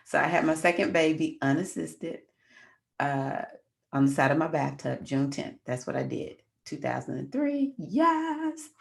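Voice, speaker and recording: A woman's voice: deep voice, lively intonation, measured pace, creaky. A middle-aged woman hosting a casual livestream, chatting with viewers and telling a personal story. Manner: chatty, addresses viewers as y'all. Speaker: astrology livestream host.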